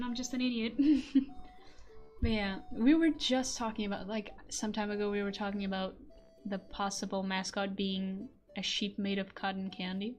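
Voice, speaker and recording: A young European woman with a mid-range voice talks loosely with her live chat, laughing often and dropping the odd curse word. She speaks into a desk mic at home. Faint music plays low under her voice. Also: flat delivery, measured pace, darkish tone. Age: young adult. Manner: chatty, laughs often, swears casually, reads chat aloud. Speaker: streamer and voice actor. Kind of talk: casual chat stream. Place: home room. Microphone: microphone on a desk stand.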